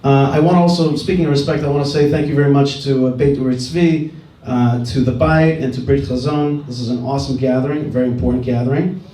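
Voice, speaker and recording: A man's voice: medium pitch, fairly even intonation, fast, few pauses, warm tone, far from the mic. A middle-aged man giving an earnest talk at a gathering, telling a story and repeating his key phrases. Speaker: speaker at a dialogue gathering. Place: indoor event hall. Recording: roomy hall, speaker away from mic.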